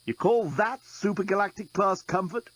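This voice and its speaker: An indignant, blustering male traveler, as a man voices him in a storybook reading, complains in a raised, agitated voice with a husky tone. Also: high voice, moderate pace, fairly bright tone, pitched above the performer's own voice. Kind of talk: audiobook character voice.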